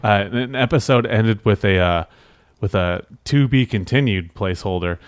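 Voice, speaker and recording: A man's voice: fairly low pitch, moderate pace, no echo. A young man co-hosting a casual podcast chat, rambling with lots of fillers and frequent laughter. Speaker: podcast co-host.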